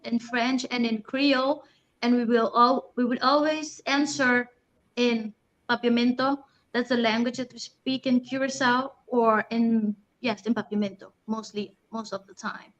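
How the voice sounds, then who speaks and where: A woman with a high voice tells family stories in a playful way and laughs along as she goes. The sound is dull and lo-fi. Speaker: guest. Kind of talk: casual chat.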